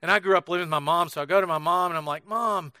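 A man's voice: fairly high pitch, fairly even intonation, racing, sharp tone, smooth, no room sound, clean studio sound. A middle-aged man preaching a sermon, conversational and storytelling, asking the congregation questions and acting out quotes. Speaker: pastor.

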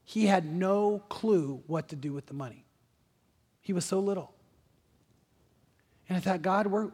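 A man pastor preaching a sermon, building to impassioned peaks and then easing into a quiet prayer. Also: breathy edge, long reverb tail. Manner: impassioned preaching that rises in pitch and volume, then drops to a soft prayer. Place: large church auditorium.

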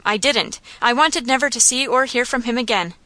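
A proud young gentleman heir, haughty and curt, with an undercurrent of unease, as a woman reads him. The voice is fairly high and bright. It sounds dry and close. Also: normal speed, no echo.

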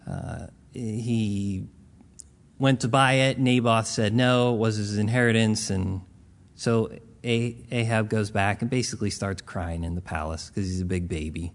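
A man's voice: on the low side, fairly even intonation, unhurried. A man preaching a Bible teaching in a casual, conversational way, retelling scripture stories in plain modern words.

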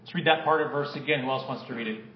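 A man's voice: mid-range voice, racing, a little hiss or hum. A male pastor preaching an impassioned sermon to a congregation, calling on them to respond. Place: church sanctuary. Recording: echoey church, slightly dull sound.

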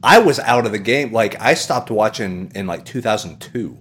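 Chatting casually on a podcast, a man with a fairly low voice at normal speed tells stories animatedly and acts out what other people said. A little hiss or hum is audible.

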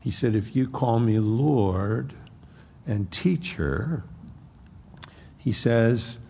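Gravelly-voiced preacher in a reverberant church. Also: male voice, mid-range voice, animated, very slow, warm tone. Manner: conversational, acts out quoted speech. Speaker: pastor. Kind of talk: expository sermon.

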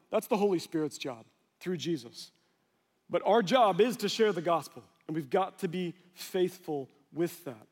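A high-pitched male pastor in his forties tells stories from the pulpit and slips into the voices of the people in them. The sermon carries a long reverb, as if from a large sanctuary. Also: a little mellow. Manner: storytelling, conversational, acts out dialogue.

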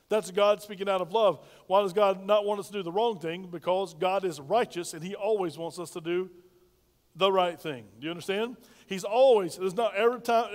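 A man's voice: high-pitched, in a large hall. A male pastor preaching a sermon, calling on the congregation to repeat lines after him. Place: church sanctuary.

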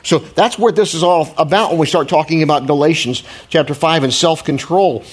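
A man's voice: a little high, a little fast, breathy edge. Middle-aged guy pastor giving a sermon, chatty and joking at himself, trips over his words a lot. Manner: conversational, self-deprecating, frequent restarts.

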